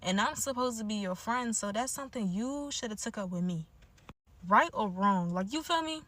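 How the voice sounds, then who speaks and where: A young woman in her twenties from the DMV area tells a casual storytime in DMV African American English, blunt and animated, full of slang and frequent "like." Her voice is medium-pitched at a normal speed, in a dry recording.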